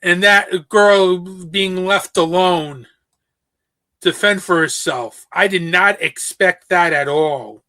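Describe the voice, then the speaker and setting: A man's voice: sits high, slow pace, pushed and bright. A male podcast host in casual chat, enthusiastic and repeating himself for emphasis.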